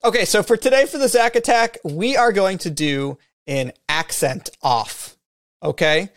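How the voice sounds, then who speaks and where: A man's voice: high voice, a little slow, fairly bright tone, no room sound, studio quality. A man co-hosting a casual chat show, announcing a segment game in an upbeat way. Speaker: co-host.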